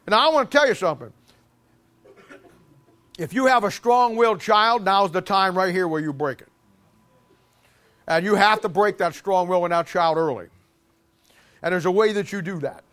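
High, bright-voiced animated preacher. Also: male voice, normal speed, long pauses. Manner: animated and humorous, with stammered restarts and acted-out scenes. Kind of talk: sermon.

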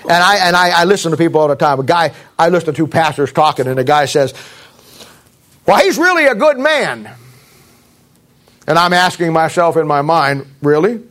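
Middle-aged male pastor with a high, lively voice, blunt folksy sermon delivery and sarcastic asides. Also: fast talker, hardly any pauses.

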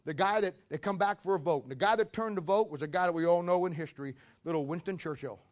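High-voiced, fiery male preacher. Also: quick pace. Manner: fiery, rhetorical questions, storytelling. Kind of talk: sermon.

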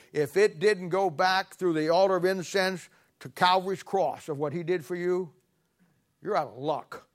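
A middle-aged male preacher delivering a blunt, confrontational sermon, swinging from loud declarations to low asides. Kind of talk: fiery sermon.

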